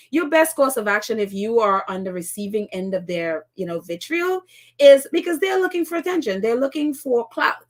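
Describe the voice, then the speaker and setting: A woman hosting a casual live-stream chat, reading viewer comments and rambling through stories with many restarts and laughs. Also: a little high. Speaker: host of a live chat show.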